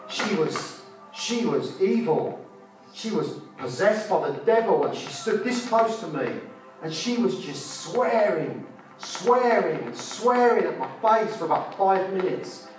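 A man's voice: high voice, expressive, unhurried. Fervent male preacher in an echoey hall. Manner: fervent, repeats phrases, asks the audience rhetorical questions. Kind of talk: sermon. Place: conference hall. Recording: echoey hall, mic from far off, faint music.

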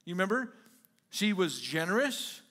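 A male pastor preaching a conversational sermon, dropping in frequent "okay?" asides and animated retellings of scripture. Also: high voice, normal speed.

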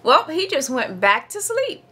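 A woman reading a picture book aloud for children as a storytime host, playful and animated, acting out sound-effect words. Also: high-pitched, a little slow. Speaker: storytime reader.

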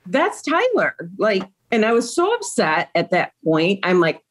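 A woman's voice: on the low side, very animated, normal speed. A middle-aged woman, a grieving mother, recounting events in an interview with emotion and acting out quoted dialogue.

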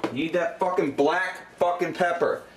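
A young man runs a crude, swear-laden cooking demo in a brash, instructional rant. His voice sits a little high. It is an echoey home-video recording with clear noise behind him. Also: moderate pace. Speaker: cooking show host. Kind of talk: profane comedic cooking demo. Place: kitchen and backyard grill.

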